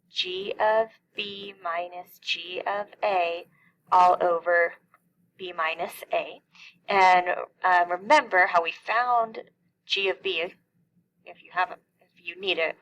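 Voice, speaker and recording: Woman, middle-aged, math teacher, calculus lesson, step-by-step explaining, answers her own questions, vocal fry. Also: lowish voice, a bit bright, low-quality recording.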